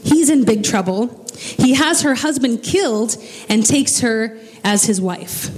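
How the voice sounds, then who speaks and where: A woman's voice: on the high side, lively intonation, measured pace, darkish tone. A woman preacher delivering a sermon, telling the story with casual, joking asides. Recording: long reverb of a large hall.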